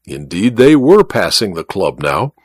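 A man narrates a novel with animated, rising and falling delivery. The reading is expressive and story-driven, recorded close and dry with no room sound. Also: low-pitched, measured pace, slightly rough, dry recording. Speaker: audiobook narrator. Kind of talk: scripted narration.

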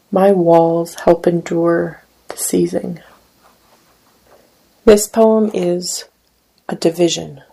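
A woman giving a deliberate poetry reading, letting some line endings fall to a near whisper. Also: lowish voice, vocal fry, warm tone, poor audio. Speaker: poet.

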